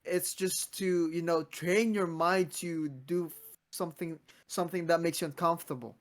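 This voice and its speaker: A young man in his twenties with a somewhat high-pitched voice hosts a relaxed podcast chat. He talks in an earnest, motivational way, tripping over and restarting his sentences as he goes. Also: moderate pace. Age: 20s. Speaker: podcast host.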